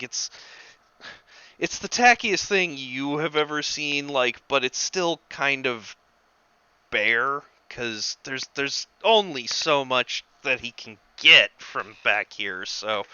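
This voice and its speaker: A man narrating as game master of a tabletop game, halting and repeating words as he describes scenes. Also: mid-range voice, pushed and bright, smooth, no echo, muffled recording.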